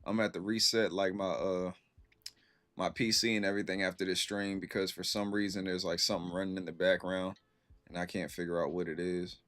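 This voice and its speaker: A man's voice: low-pitched, little pitch movement, fairly quick, a bit bright. A young man, streaming from his computer and casually chatting with viewers in slangy, laid-back stories. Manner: laid-back slangy storytelling, reacting to chat.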